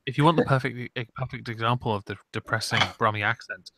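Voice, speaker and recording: A man's voice: mid-range voice, fairly even intonation, quick pace, vocal fry, noisy background. A man with a southern English accent chatting casually on a stream, making blunt, sardonic jokes. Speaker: stream guest. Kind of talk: casual chat.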